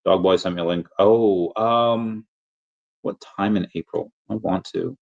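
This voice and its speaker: A man's voice: deep voice, steady tone, a little slow, gravelly. A man hosting a casual livestream, rambling and chatting with viewers, full of fillers and restarts. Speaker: livestream host. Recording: dull lo-fi audio.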